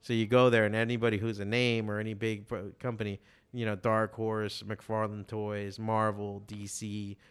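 A man in casual conversation, telling animated stories with a lot of swearing and acting out what other people said. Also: lowish voice, moderate pace, smooth. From Miami, USA. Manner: animated storytelling, heavy swearing, quotes others in voices. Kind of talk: casual chat.

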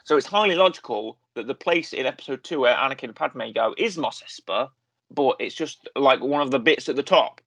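A man's voice: medium pitch, expressive, brisk, creaky, fairly bright tone, dry recording. Rambling man co-hosting a podcast. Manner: rambling, self-correcting, full of fillers. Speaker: podcast co-host. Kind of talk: casual chat reviewing a series.

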